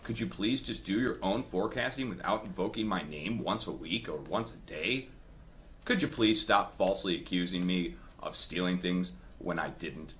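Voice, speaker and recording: A man's voice: fairly low pitch, fairly bright tone, slight background noise. A man hosting an online video, ranting indignantly to his viewers and repeating himself as he pushes back at critics. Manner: indignant, repetitive, addresses viewers as guys. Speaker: earthquake forecast video host. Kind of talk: heated personal rant to viewers.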